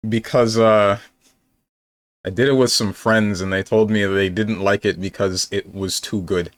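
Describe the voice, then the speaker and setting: A man's voice: on the low side, steady tone, unhurried, no room sound. A young man streaming games, chatting casually and thinking aloud in a rambling, playful way. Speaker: game streamer. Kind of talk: casual live-stream chat.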